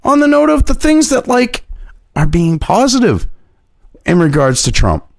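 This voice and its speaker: A man's voice: very high-pitched, wildly swooping pitch, a little slow, gravelly, no echo, studio quality. Heated, swearing male online ranter. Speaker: online commentator. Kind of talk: profane opinion rant.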